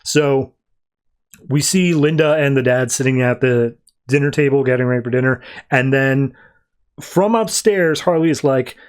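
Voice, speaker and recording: A man's voice: mid-range voice, normal speed, clean tone. A man hosting a podcast, loosely summarizing a comic story in a conversational way with fillers and asides. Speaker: podcast host. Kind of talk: casual comic book recap.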